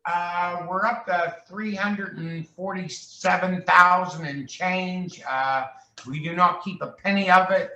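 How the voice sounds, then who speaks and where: In an echoey room, a high-pitched man with fairly even intonation speaks slowly in a sharp tone. He's a guest, the founder of a charity ride, telling rambling, jokey stories in a casual chat and putting on voices when he quotes people.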